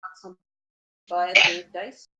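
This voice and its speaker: A woman running a tabletop game as game master, calling out rolls and rules in a brisk, instructive way. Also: lowish voice, flat delivery, pushed and bright, dull audio.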